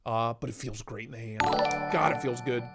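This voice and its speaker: A man's voice: medium pitch, fairly quick, vocal fry, loud music behind the voice. A man hosting a casual livestream, joking and rambling as he shows off gear and greets viewers by name. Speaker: livestream host reviewing knives and lights.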